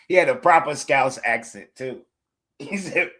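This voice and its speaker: Speaking at a medium pitch, this man talks slowly with long pauses, his tone pushed and bright. He's a live stream host from Newark, New Jersey, USA, with the local accent, running a casual football watch-along in a loose, profane way. He repeats himself, laughs often, and sounds tired, even yawning.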